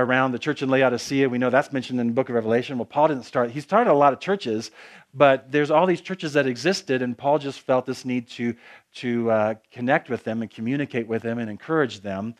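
A man preaching a conversational sermon, with frequent restarts and casual asides to the congregation. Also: medium pitch.

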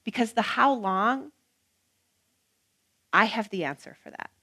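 Slow, earnest woman preacher. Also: a little high, expressive, husky. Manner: earnest, emphatic, with soft hushed passages; rhythmic repetition. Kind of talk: sermon.

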